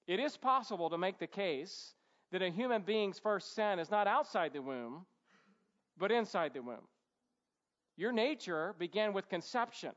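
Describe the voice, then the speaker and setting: A man's voice: high-pitched, lively intonation, moderate pace, fairly bright tone. A man preaching a sermon in a conversational way, with humorous asides and rhetorical questions to the congregation. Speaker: pastor. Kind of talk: expository sermon. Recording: dull, echoey church hall sound.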